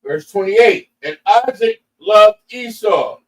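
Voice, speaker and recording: High-voiced man reading verses off-mic. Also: lively intonation, slow pace, far from the mic, poor audio. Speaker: scripture reader.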